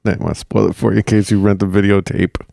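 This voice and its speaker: Low gravelly man joking around. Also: flat delivery, fast talker, mellow, no echo, studio quality. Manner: jokey, puts on goofy voices. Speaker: podcast co-host. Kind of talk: casual banter.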